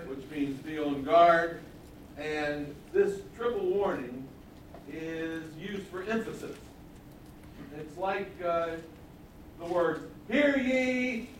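A male pastor teaching a sermon in a conversational way, asking the congregation questions and stressing repeated words loudly. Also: a little high, far from the mic, a little hiss or hum. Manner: conversational Bible teaching, rising to emphatic repetition. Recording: echoey room, voice from off-mic.

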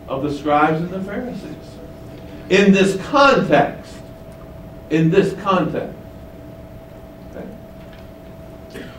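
A man preaching a sermon with emphasis, asking his listeners questions and repeating key lines. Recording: echoey room, mic at a distance, faint rumble.

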